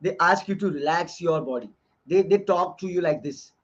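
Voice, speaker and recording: High-voiced man giving an earnest lecture. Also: moderate pace. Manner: earnest and explanatory, often repeating phrases. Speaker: course lecturer reviewing a book. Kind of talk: online lecture. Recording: dull lo-fi audio.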